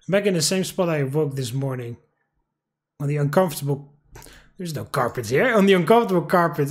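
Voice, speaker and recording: A man playing a visual novel, reading the text aloud in an earnest, emotional way with wry joking asides. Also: on the high side. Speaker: video game let's player.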